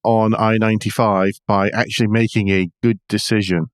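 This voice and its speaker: A man's voice: lowish voice, flat delivery, moderate pace, no echo, studio quality. A man hosting a car news podcast, joking and teasing his co-host. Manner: teasing, jokey. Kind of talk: casual chat about car news.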